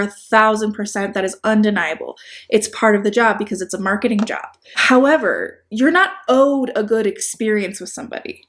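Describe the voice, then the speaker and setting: A woman with a Chicago accent giving rambling, sarcastic commentary on a video, with frequent restarts and asides. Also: medium pitch. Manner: sarcastic, rambling, self-deprecating. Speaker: commentary YouTuber. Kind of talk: casual video-essay commentary.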